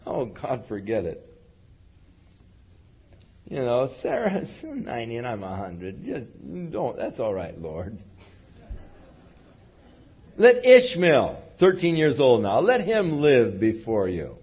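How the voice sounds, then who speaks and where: A man's voice: medium pitch, wildly swooping pitch, slow pace, long pauses, slightly rough, heavily acted. A man voicing a weary old man who pleads and waves away a promise, on a dull lo-fi recording. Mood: resigned.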